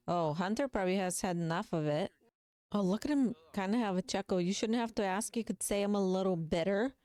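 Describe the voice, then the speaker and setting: Close-miked and recorded dry, a gaming channel host, a young adult woman with a medium-pitched, darkish voice, offers casual game commentary that's chatty, playful and full of gossip.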